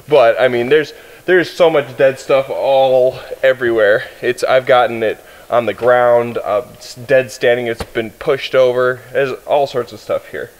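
A man with a mid-range voice chats to the camera outside among wintry trees, a little winded as he rambles and corrects himself in a casual, chatty way. He's an outdoor vlogger, and the audio is poor.

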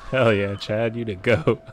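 Low-voiced young man swearing over gameplay. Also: fairly even intonation, a little slow, a little hiss or hum. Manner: profane, jokey reactions with sudden yelps. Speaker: streamer. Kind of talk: gameplay commentary.

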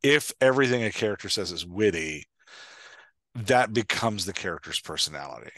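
A man co-hosting a podcast on writing, talking in a thoughtful, halting way with many restarts. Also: fairly low pitch, expressive, a bit bright, no echo. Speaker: podcast co-host. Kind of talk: casual chat.

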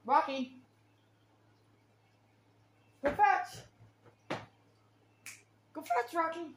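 A woman's voice: extremely high pitch, expressive, extremely slow, echoey room, slight background noise. A woman filming her dogs at home, coaxing and scolding them between commands. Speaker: dog owner filming her pets. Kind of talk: casual home vlog narration. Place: home, near a kitchen.

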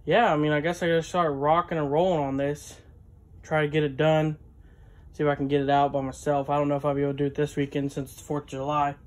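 A garage vlogger with a fairly high voice that shows little pitch movement talks fast as he works on a vehicle in his home garage. His casual work-along narration rambles with lots of fillers, and he talks while wrenching, out of breath at times.

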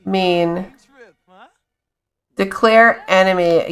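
A woman's voice: mid-range voice, slow pace, long pauses, a bit bright, clean tone. A young woman giving casual, amused commentary on a life-sim game, chatting to the characters on screen as she plays. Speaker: gaming YouTuber.

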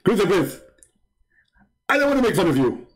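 A man's voice: sits high, sing-song, normal speed, pitched above the performer's own voice. A man voicing a cocky male caller who taunts in a boastful manner. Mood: taunting.

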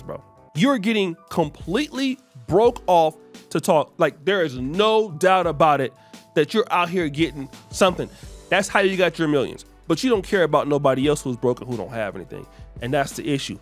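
A man hosting his own channel, delivering a heated, ranting opinion monologue with repeated emphatic lines. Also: sits high. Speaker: commentary channel host.

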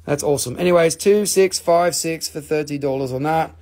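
A man hosting a casual live-stream sale, excitable and joking with viewers, swearing freely. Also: on the high side, a little fast. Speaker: live-stream mineral seller.

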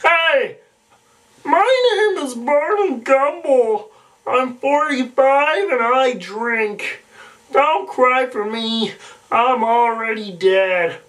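A man voicing a drunken, middle-aged cartoon barfly with a slow, slurred delivery. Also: extremely high pitch, a bit bright, voice pushed up, full character voice. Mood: boozy. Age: 40s. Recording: distant home mic.

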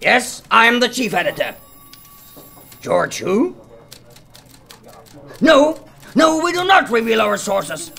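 Gravelly high-voiced newspaper boss played by a man, curt, dismissive. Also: big pitch swings, slow pace, pauses often, bright, forceful tone, exaggerated voice. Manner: brusque, dismissive. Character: brusque male chief newspaper editor. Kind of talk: live stage puppet show acting.

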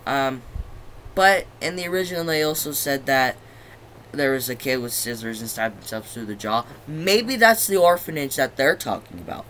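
Young man, casual video review, rambling, swears a lot, bright forceful tone, faint background hiss. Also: mid-range voice, expressive, normal speed. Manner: rambling, loses his train of thought, swears freely. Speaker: movie reviewer.

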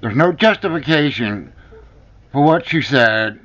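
Speaking unhurriedly into the camera, this vlogger delivers a heated personal tirade full of profanity and repeated accusations. His voice sits at medium pitch, expressive and a bit bright, captured on a dull, lo-fi recording.

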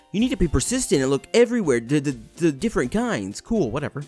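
A young man commentating his video game playthrough, rambling and cursing, shouting at the game now and then. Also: fairly high pitch, very animated, a little fast, faint music behind. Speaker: gaming channel host. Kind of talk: let's play commentary.

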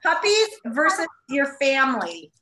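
Woman teacher on a zoom call, bright high voice, echoey room, lots of laughing. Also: a little slow, a little hiss or hum. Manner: animated, laughs often, exclaims. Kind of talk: running a class vote game. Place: room on a video class call.

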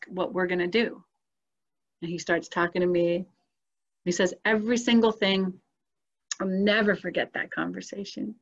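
A woman telling her own life story in a casual conversation, animated and expressive, acting out the voices she quotes and laughing often. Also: medium pitch. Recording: dull lo-fi sound.

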